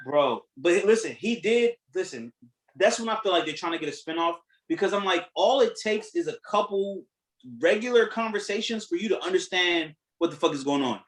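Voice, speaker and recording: A man co-hosting a podcast, chatting casually, animated and profane, laughing as he tells stories. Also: high-pitched, a little fast, roomy sound, poor audio. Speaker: podcast co-host. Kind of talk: casual chat.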